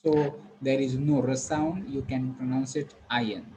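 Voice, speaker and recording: A male teacher giving a classroom pronunciation lesson, patiently repeating words slowly and quizzing the class. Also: medium pitch, steady tone, background noise. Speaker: English teacher.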